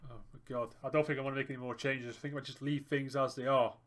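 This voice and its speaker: A young gaming YouTuber commentates his own football management game in a let's-play video, groaning and cheering as the match unfolds. His mid-range voice is fast and a bit bright, with a level tone.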